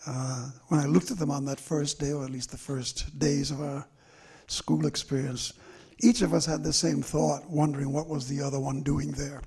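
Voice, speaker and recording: Gravelly, deeply husky older man. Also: steady tone, a little mellow. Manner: slow and reflective, with drawn-out pauses. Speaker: memoir author in conversation. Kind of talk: reflective storytelling at a live talk. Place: stage event before an audience.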